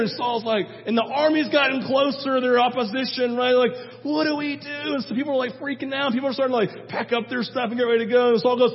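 Male pastor, high voice, animated storyteller, sermon recorded dull and muffled with long hall reverb. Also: fairly quick. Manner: animated storytelling, acts out biblical figures, swings loud and soft.

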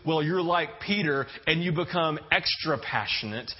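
Pastor, male, fairly high voice, chatty storytelling sermon, muffled lo-fi recording. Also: lively intonation, moderate pace. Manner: conversational storytelling, often asking "right?". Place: church sanctuary with congregation. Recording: dull lo-fi sound.

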